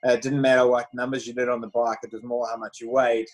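A man's voice: medium pitch, fast, rough recording. A man in his thirties from South Africa with a South African accent, telling stories in a loose, filler-heavy way. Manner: relaxed storytelling, many fillers. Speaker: former pro cyclist, podcast guest. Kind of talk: casual chat.

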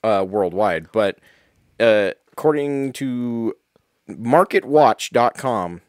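A man co-hosting a casual comedy talk show, chatting and reading out statistics in a relaxed way. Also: medium pitch, takes it slowly, no echo, studio quality. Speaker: podcast co-host.

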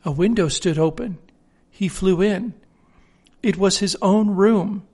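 A man reads an old fairy tale aloud for his podcast, steady and unhurried. His voice sits high for a man, with a gravelly rasp running under it. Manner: steady, measured storytelling. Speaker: podcast host reading classic stories. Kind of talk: storybook reading.

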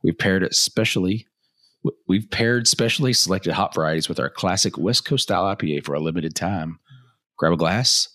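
A man co-hosting a casual beer tasting chat, his voice a bit hoarse from yelling. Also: deep voice, moderate pace, no echo, clean studio sound. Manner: relaxed, chatty, reads labels aloud. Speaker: co-host of a beer tasting show.

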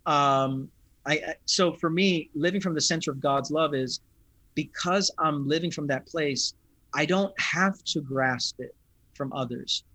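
Pastor guy talking slow and earnest in an interview, bright tone. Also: a little high, no echo. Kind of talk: reflective interview talk.

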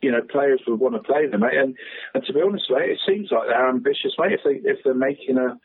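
Husky man on a phone line. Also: mid-range voice, quick pace. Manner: rambling, says "mate" constantly, laughs often. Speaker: regular football pundit. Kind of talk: casual radio chat.

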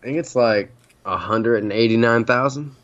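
먹먹한 마이크로 들리는 비꼬는 남자. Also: male voice, medium pitch, normal speed, a bit bright. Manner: dry teasing, wry interjections. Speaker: podcast co-host. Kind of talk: casual chat. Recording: dull lo-fi mic.

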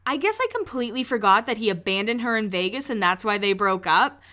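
A woman's voice: mid-range voice, animated, fast talker, pushed and bright. A young woman hosting a podcast, recapping a reality show in chatty, gossipy talk full of "like" and casual swearing.

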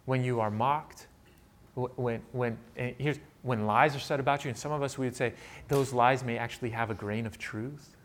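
A man delivering a sermon as a pastor, swinging from loud emphatic peaks to quiet asides and putting rhetorical questions to the congregation. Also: mid-range voice. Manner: asks the audience rhetorical questions.

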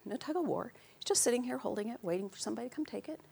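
A woman preaching a sermon in a church, animated and playful, calling out to the congregation in loud bursts and acting out quotes in put-on voices. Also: on the high side, rapid-fire, vocal fry, slightly rough.

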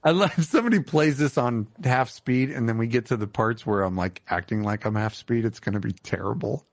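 A man's voice: medium pitch, fairly quick, vocal fry, no room sound. A man co-hosting a casual comedy podcast, joking and teasing his co-host as he talks.

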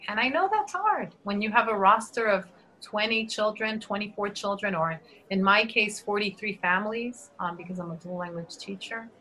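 Earnest woman teacher, bright clear tone, sprinkles in Spanish, restarts often. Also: medium pitch, moderate pace, poor audio. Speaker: dual language teacher. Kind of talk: reflective interview answer.

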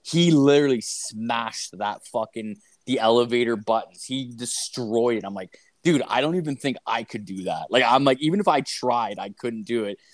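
A man's voice: medium pitch, moderate pace, hardly any pauses, no echo. A man co-hosting a podcast, telling crude rambling anecdotes in casual chat, swearing a lot. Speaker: podcast co-host.

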